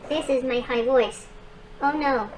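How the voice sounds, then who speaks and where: A small robot squeaking in a rapid chipmunk voice, as a woman puts it on. It is very high, fast and silly. Steady noise sits behind it.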